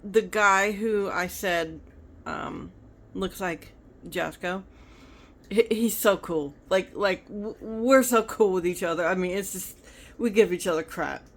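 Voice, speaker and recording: Taking things slowly, a woman from the United States with a mid-range voice rambles through stories in a casual phone vlog. She comes across as chatty and meandering.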